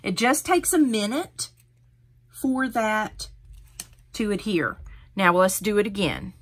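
A woman's voice: medium pitch, animated, slow pace. A middle-aged woman hosting a hands-on craft tutorial, talking viewers through each step in a chatty, encouraging way.

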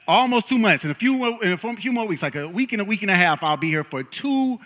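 A young male pastor with a bright, forceful voice, slightly higher than most men, preaching in a church hall with a long echo. He jokes, teases and hypes the crowd, sliding between quiet asides and loud shouts. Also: fast talker. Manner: lively, joking and hyping up the congregation. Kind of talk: sermon. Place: church sanctuary. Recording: long reverb of a large hall.

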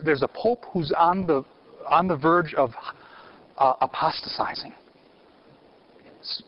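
Animated man giving a theology lecture. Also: a little high. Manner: animated, asks the audience questions, frequent restarts. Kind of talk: university lecture. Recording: muffled lecture recording.

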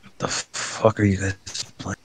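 A man's voice: low-pitched, little pitch movement, unhurried, slightly rough. A young man watching friends game over voice chat, teasing them in a laid-back, swearing way. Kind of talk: casual chat.

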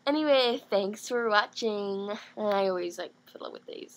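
A teenage girl vlogging in a casual, rambling, self-mocking way, talking in quick bursts. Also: medium pitch. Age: late teens. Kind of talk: casual vlog monologue.

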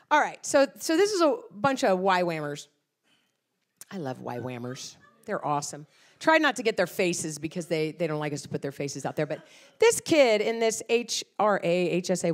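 A middle-aged woman preaching a sermon, telling stories with lots of acted-out quotes. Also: on the low side. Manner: animated storytelling with acted-out quotes. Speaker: guest speaker.

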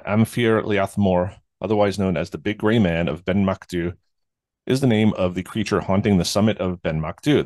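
Low and a little mellow, a man's voice carries a casual, rambling podcast, heavy on fillers and restarts. It's a dry, studio-quality recording.

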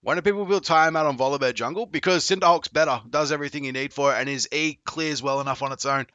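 A man's voice: on the high side, quick pace, clear, resonant tone, no echo, dull audio. A man coaching video games on a live stream, chatting casually, swearing and joking with viewers. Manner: profane, joking, excitable.

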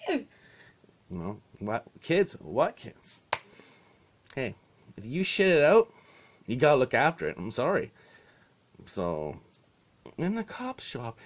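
A man telling a story in a casual vlog, exasperated and sarcastic, swearing freely. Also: lowish voice. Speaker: vlogger.

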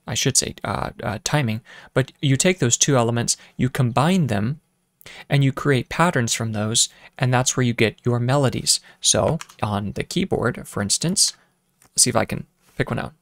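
A man's voice: medium pitch, normal speed, gravelly, fairly bright tone, no room sound. A man giving a casual music lesson, thinking aloud with fillers and restarts and sometimes humming rhythms. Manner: hums and counts rhythms aloud. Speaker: music teacher. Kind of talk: casual lecture with keyboard demos. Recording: piano playing in the background.

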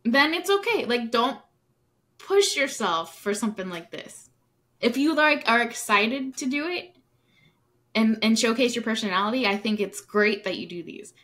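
A woman's voice: a little high, animated, moderate pace, a bit bright. A woman co-hosting a casual podcast, chatty and giggly, giving friendly advice. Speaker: podcast co-host. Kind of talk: casual chat.

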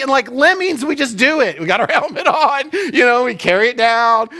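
A pastor preaching to his congregation, his voice swinging widely in pitch. He tells his story with comic flair and jumps up into high squeals to act out his own panic. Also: animated, brisk, few pauses, pushed and bright. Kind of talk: sermon storytelling. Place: church auditorium.

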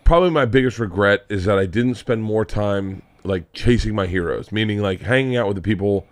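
A podcast host with a fairly low voice chats casually, swearing freely and tripping over his own restarts. The mic sound is dry and close. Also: fairly quick, dry recording. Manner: swears often, stumbles and restarts.

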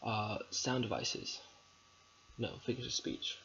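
Young guy student talking thru a poem, low gravelly voice, kinda dull lo-fi recording. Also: lively intonation, takes it slowly, a bit bright. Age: young adult. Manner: hesitant, many ums and restarts. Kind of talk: recorded literary analysis presentation. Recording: dull lo-fi recording with faint background noise.

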